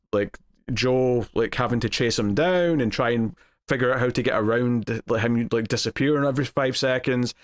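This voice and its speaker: Rambling male TV reviewer. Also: medium pitch. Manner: rambling, with frequent restarts and filler words. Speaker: TV episode reviewer. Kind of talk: casual solo review talk.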